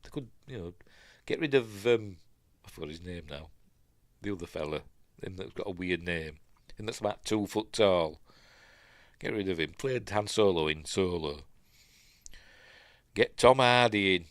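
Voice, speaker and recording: A man from Yorkshire, England, with a Yorkshire accent hosts a casual live stream, rambling as he reads news and chat comments aloud and throws in his own asides. His voice is low, at a moderate pace with long pauses, and there's no room sound.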